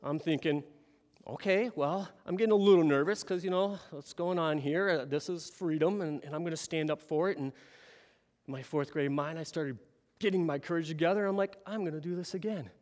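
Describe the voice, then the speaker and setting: A man telling a story to an audience in an animated way, often turning to ask the listeners questions. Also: fairly high pitch, brisk, big-room sound. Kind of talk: storytelling talk.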